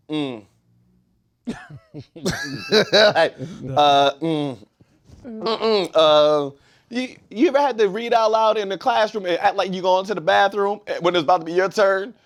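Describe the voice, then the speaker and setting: Man, high voice, comedian guest, animated storytelling, laughs often. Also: normal speed. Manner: animated, laughing, repeats "listen" to hold the floor. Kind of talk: casual storytelling.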